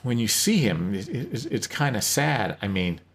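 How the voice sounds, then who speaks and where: Man doing a halting, troubled woman. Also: mid-range voice, wildly swooping pitch. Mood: conflicted. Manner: halting, stammering restarts. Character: troubled, wry woman torn over an ex.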